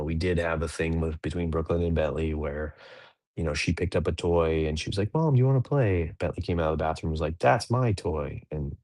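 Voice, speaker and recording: A man's voice: a bass voice, no echo. A man in his thirties hosting a dads' podcast, talking through a daily reading in a rambling, self-correcting way. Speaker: podcast host. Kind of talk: casual reflective chat.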